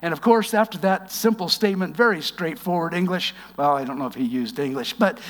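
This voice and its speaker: A man giving a conversational sermon, reading scripture aloud and explaining it with wry asides, slowing down for emphasis. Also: a little high, animated, long reverb tail. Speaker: preacher.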